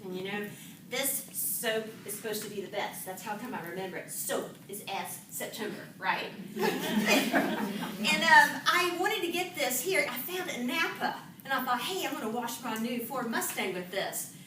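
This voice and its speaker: Woman, high animated voice, comic speech, echoey distant room recording. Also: unhurried. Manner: animated storytelling with frequent laughter. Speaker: Toastmasters speaker. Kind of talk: humorous speech to a club audience. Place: meeting room with live audience. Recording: echoey room from far off, audible room noise.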